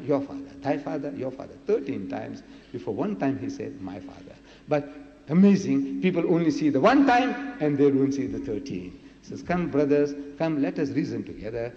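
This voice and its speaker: A man's voice: mid-range voice, mellow. A man giving a public religious lecture, emphatic and full of rhetorical questions, repeating his key words for effect. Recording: echoey lo-fi hall recording.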